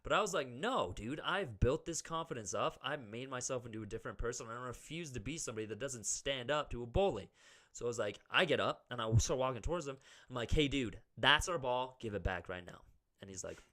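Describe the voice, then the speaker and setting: A young man co-hosts a casual podcast and tells a long personal story. He talks in an animated way and loads his speech with "like." He jumps into loud, high acted-out quotes. His voice sits at an ordinary middle pitch. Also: fast. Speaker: podcast co-host.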